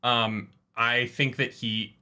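A man co-hosting a casual livestream book chat, animated and swearing freely. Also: mid-range voice, takes it slowly, clean tone. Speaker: podcast co-host.

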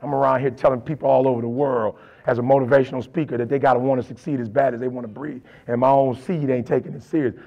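A man's voice: mid-range voice, steady tone, fast, creaky, few pauses, dull audio. A middle-aged man and motivational speaker, telling stories in a colloquial, emphatic way. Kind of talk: storytelling motivational talk.

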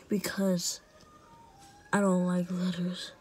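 A woman acts out a whole homemade story alone, giving each character a different voice and breaking into wailing, shrieked cries. She talks slowly and with plenty of pauses. A steady hiss of background noise runs through the recording. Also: mid-range voice.

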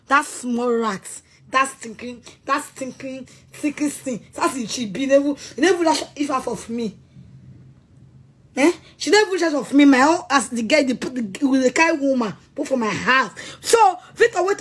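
Nigerian woman, fairly high husky voice, furious scolding rant full of threats and insults. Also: a bit bright. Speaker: person addressing someone directly.

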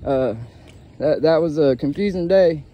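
A man's voice: on the high side, unhurried, dull audio. A man from Ohio vlogging a casual, profane and meandering monologue, tired and a bit winded. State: winded from walking a bicycle uphill.

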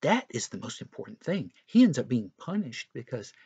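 A man's voice: mid-range voice, very animated, normal speed, dark tone, slightly rough, no echo, lo-fi sound. A man teaching Sunday school, telling a Bible story to young children in a casual, conversational way. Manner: casual and conversational, often begins with "well".

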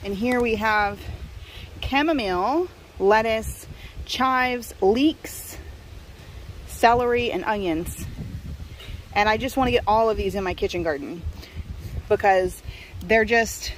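Chatty woman touring her garden outdoors. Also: medium pitch. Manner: chatty, enthusiastic, lists plants as she goes. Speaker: gardening vlogger. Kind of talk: casual garden tour vlog. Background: faint wind and outdoor noise.

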